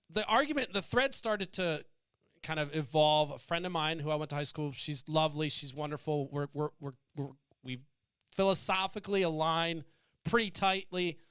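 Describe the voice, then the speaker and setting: A man's voice: fairly high pitch, a bit bright, clean tone, no echo. An American man hosting a podcast, talking in a blunt, defiant, freely swearing monologue. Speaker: podcast host. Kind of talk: casual profane monologue.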